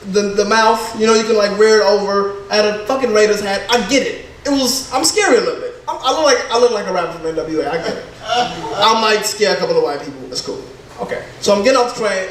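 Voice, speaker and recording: A man's voice: high voice, heavy reverb, distant mic, a little hiss or hum, rough recording. A man doing a stand-up set in a comedy club, telling loose, profane stories.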